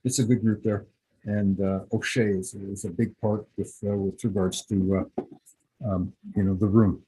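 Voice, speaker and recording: A man's voice: fairly low pitch, steady tone, a little slow, mellow, slightly rough, rough recording. A middle-aged man, a football scout, giving a casual, rambling clinic talk full of anecdotes.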